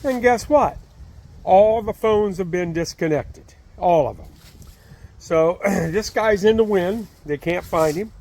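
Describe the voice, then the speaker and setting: A man's voice: high voice, darkish tone. Rambling man telling a story. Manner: rambling, with many "uh"s and restarts. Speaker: channel host telling a story. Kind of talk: casual storytelling. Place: outdoors beside his trailer.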